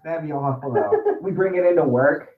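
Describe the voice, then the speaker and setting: Male co-host, loose rambling chat, slightly higher voice, roomy echo. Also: fairly quick, narrow, tinny audio. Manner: rambling, many "like" fillers, laughs easily. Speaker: podcast co-host. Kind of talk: casual chat. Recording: echoey room.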